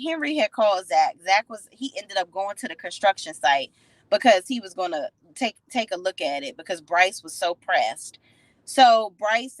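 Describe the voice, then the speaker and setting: A woman's voice: mid-range voice, no room sound, poor audio. Sassy woman recapping a TV episode. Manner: sassy, opinionated, animated retelling. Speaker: TV show recap reviewer. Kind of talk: casual episode recap and commentary.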